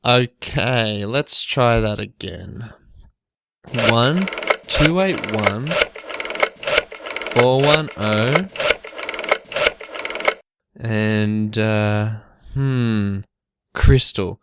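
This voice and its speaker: A man's voice: fairly low pitch, drawn-out words, long pauses, heavy background noise. A man playing a grumbling, swearing prank caller in a comedy skit. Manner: grumbling, swears, spells words out.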